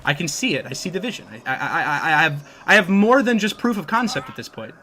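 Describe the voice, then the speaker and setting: A man live-streaming and chatting casually with viewers, excitable and profane, thanking new followers by name. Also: a little high, fast talker, slight background noise.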